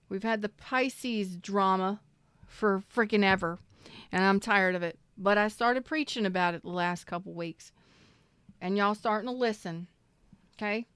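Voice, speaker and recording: A woman reads tarot live in a loose, emphatic way, swearing freely and preaching at her viewers. Her voice is smooth and clear. It sounds dry and close, with no room around it. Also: medium pitch, takes it slowly, long pauses, a bit bright, no room sound. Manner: emotional, close to tears. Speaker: tarot reader.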